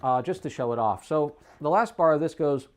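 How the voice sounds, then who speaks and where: A man's voice: a little high, lively intonation, a little fast. A man, a music teacher, explaining how to practice a piece and singing the phrases on syllables between his explanations. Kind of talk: demonstrating practice method. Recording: dull lo-fi stream audio.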